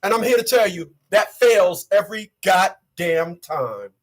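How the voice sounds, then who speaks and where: A man's voice: sits high, animated, measured pace. A man delivering preachy, profane ranting commentary on his channel, repeating lines for effect. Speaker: vlogger.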